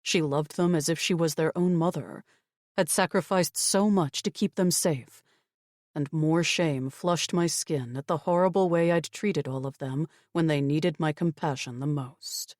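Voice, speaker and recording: A woman giving measured, expressive first-person narration of a fantasy audiobook. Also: low-pitched, dry recording, studio quality.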